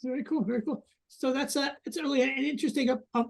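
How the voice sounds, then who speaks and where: Male interviewer, fry-heavy voice, stops and restarts his questions, keeps affirming. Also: very high-pitched, fairly even intonation. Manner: halting questions, brief affirmations. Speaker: interview host.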